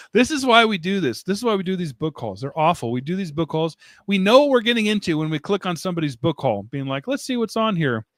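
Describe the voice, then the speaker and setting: A man's voice: sits high, sing-song, brisk, no echo, studio quality. A man hosting a casual live stream, rambling, joking at his own expense and laughing often as he answers chat comments. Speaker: livestream host. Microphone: desk mic, streaming setup.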